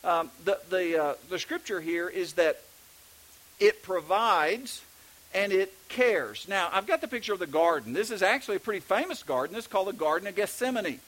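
A man's voice: sits high, expressive, normal speed, fairly bright tone, poor audio. A middle-aged man with a Texas accent, preaching a sermon in a conversational way with many restarts. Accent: Texan. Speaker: pastor.

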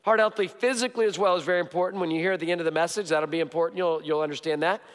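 A man's voice: fairly high pitch, fairly even intonation, very fast. A male pastor preaching a sermon in a church, emphatic, hammering points with repetition and joking asides. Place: church sanctuary. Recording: long hall reverb.

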